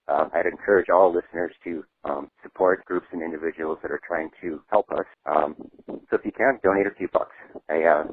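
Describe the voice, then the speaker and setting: A man's voice: low-pitched, slightly rough, no echo. A man from Wisconsin leaving a plainspoken, casual voicemail for a podcast, with ums along the way. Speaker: caller. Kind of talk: voicemail message. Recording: tinny phone-line voicemail.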